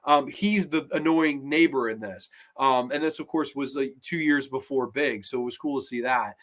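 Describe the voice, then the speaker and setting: A man's voice: mid-range voice, normal speed, a bit bright. A man hosting a casual review show, rambling and profane with lots of filler words. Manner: mimics characters in exaggerated voices. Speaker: host reviewing horror episodes.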